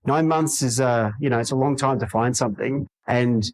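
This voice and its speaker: A man's voice: medium pitch, moderate pace, a little mellow, no room sound, poor audio. A man in a podcast interview, talking energetically and acting out quoted dialogue in other voices. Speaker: real estate agent guest.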